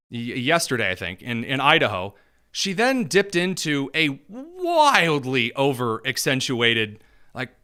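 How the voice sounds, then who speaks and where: Male political commentator, young adult, mocking and sarcastic, bright forceful tone, slightly high pitch. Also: smooth. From Indiana, USA. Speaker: political show host.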